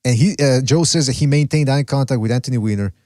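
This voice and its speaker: A man's voice: mid-range voice, fast talker, mellow, no room sound, clean studio sound. A man hosting a boxing podcast, joking and boasting in rambling, casual banter with lots of restarts.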